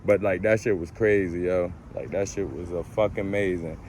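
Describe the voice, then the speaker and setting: A man's voice: deep voice, steady tone, normal speed, a little mellow, slight background noise. A man telling a casual story about his own life, slangy and profane, acting out his own reactions. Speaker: storyteller vlogger.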